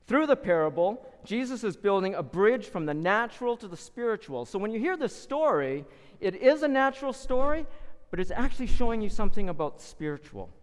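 A man's voice: high-pitched, in a large hall. A man preaching a sermon, retelling a parable with dramatic, acted-out voices. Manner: dramatic storytelling, acting out voices.

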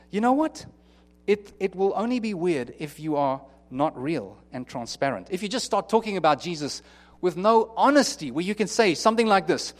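Guy preaching a sermon, kinda high voice, earnest and chatty, lots of restarts. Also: expressive, normal speed. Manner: earnest, conversational, with many restarts and acted-out quotes. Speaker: pastor.

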